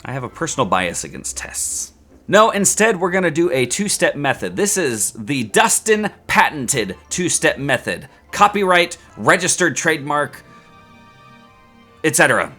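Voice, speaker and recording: A man gives a casual statistics lesson, chatty and self-mocking, with a lively, swinging pitch. His voice sounds bright and forward. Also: unhurried, soft background music. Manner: chatty and joking, with rants and self-mocking asides. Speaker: statistics instructor. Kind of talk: casual video lecture.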